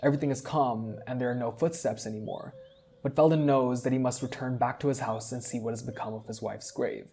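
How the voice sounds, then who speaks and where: A man calmly narrating a fantasy story in a measured reading voice. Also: mid-range voice, slight background noise.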